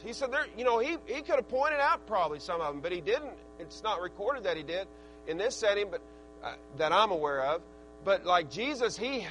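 A middle-aged man preaching a sermon in a folksy, earnest way, his loudness rising and falling. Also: sits high, poor audio.

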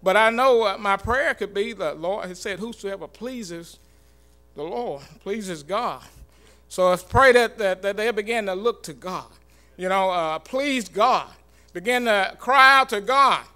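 A man giving an earnest, halting church talk in an informal sermon style, with many fillers and restarts. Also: high-pitched, sharp tone, smooth. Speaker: church speaker.

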